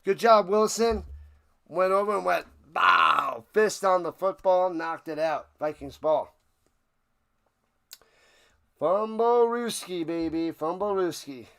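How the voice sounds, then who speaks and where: A high-pitched man with a gravelly yet smooth voice, calling football plays at an unhurried pace on a live stream. He chats back and forth with viewers and erupts into loud excitement on big plays. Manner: chatty, answers viewers' questions. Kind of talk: play-by-play commentary with chat banter.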